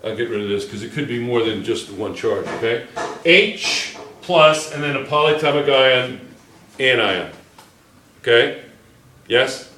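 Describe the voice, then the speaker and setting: In an echoey classroom, recorded from far off with a little hiss or hum, a man lectures on chemistry at the whiteboard. His voice is medium-pitched, animated, and sharp, and his pace is measured. He reasons aloud, keeps restarting and correcting himself, and checks in again and again with "okay?"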